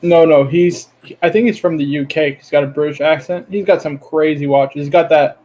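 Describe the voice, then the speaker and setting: A man's voice: fairly high pitch, steady tone, a little fast, a little mellow. A man in casual chat, informative and matter-of-fact.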